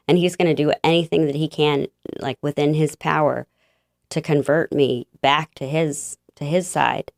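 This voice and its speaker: A woman guest telling a personal faith story in an interview, halting and emotional, with many fillers and restarts. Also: deep voice, creaky, no room sound, clean studio sound.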